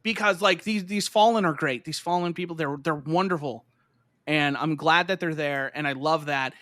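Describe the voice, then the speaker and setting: A man's voice: fairly high pitch, normal speed, fairly bright tone, no echo, studio quality. A man co-hosting a podcast in casual gaming chat, rambling with lots of "like" and swearing, and getting heated and emphatic when he rants. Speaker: podcast co-host.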